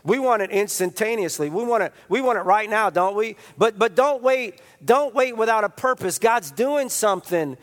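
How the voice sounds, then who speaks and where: A preacher speaking to his congregation, animated and storytelling, with a fairly high male voice. The sound carries a long, echoing hall reverb. He moves between plain talk and acted-out voices as he preaches. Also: normal speed, hardly any pauses. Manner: animated storytelling, acts out quotes with comic voices. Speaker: pastor. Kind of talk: sermon.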